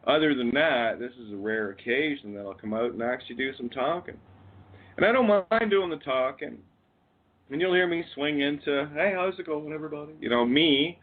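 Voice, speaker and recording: A man's voice: mid-range voice, expressive, normal speed. A man with a Canadian accent, a guest on a call-in radio show, ranting and swearing with bursts of laughter. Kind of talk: rambling profane rant. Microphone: phone or call line. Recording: tinny phone-line audio.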